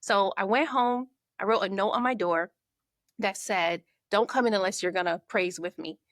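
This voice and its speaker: A woman's voice: mid-range voice, normal speed, dry recording. Dry-sounding woman telling her story. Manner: lively storyteller who acts out her own inner thoughts. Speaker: podcast guest, marketing coach. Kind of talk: conversational storytelling.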